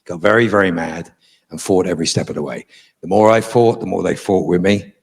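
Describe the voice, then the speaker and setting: A man's voice: deep voice, a little fast, breathy edge. A middle-aged man, a guest on a convention panel, telling a story to a live audience in a frank, profane, dryly humorous way.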